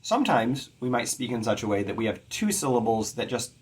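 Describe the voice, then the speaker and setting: A middle-aged man teaching about poetic meter in an earnest, measured way, carefully stressing his words. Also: mid-range voice, very animated, breathy edge. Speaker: poetry teacher.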